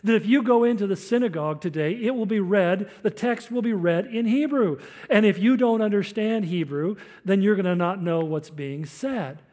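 A man's voice: high-pitched, moderate pace, hardly any pauses, darkish tone. An older man preaching a sermon, explaining scripture in a teaching tone with storytelling asides. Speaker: pastor.

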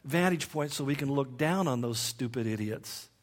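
A man's voice: medium pitch, animated, normal speed. A man preaching a sermon in a conversational way, with humorous asides and rhetorical questions.

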